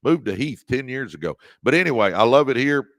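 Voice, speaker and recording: A man's voice: medium pitch, lively intonation, fairly quick, a bit bright, no room sound. A man from Dallas hosting a live stream from his room, greeting viewers with enthusiasm and reading out their comments. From Dallas, Texas. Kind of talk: energetic live-stream greeting and motivational talk.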